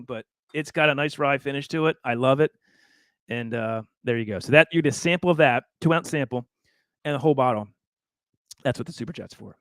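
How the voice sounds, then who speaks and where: A man's voice: medium pitch, fairly bright tone, no room sound, clean studio sound. A man hosting a casual livestream, talking in a chatty, rambling way with laughs and repeated words. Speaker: livestream host.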